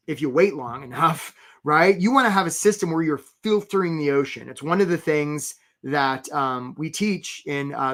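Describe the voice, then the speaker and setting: A career coach runs a live webinar for job seekers, chatty and playful, with theatrical asides and a habit of checking in by asking "right?" His voice is slightly high and a bit bright.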